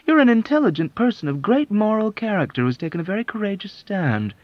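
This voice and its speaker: A man's voice: sits high, big pitch swings, quick pace, dry recording, pitched above the performer's own voice. A man reading an audiobook and voicing a sly, sardonic middle-aged male colonel who mocks with ironic sweetness. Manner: smooth, mocking, ironically sweet. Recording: dull, dry lo-fi audiobook.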